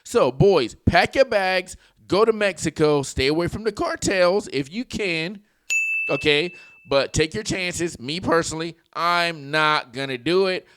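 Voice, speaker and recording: A man's voice: on the high side, expressive, measured pace, a bit bright. Brash joking man reacting to clips. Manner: brash, joking, crude, rambling. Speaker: reaction video host. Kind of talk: casual reaction commentary.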